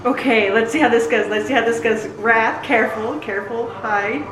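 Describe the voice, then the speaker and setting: A woman giving a live reaction commentary, gushing and excitable as she talks back to the screen. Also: fairly high pitch, moderate pace, music in the background. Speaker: book and TV reviewer. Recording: roomy echo, faint hiss.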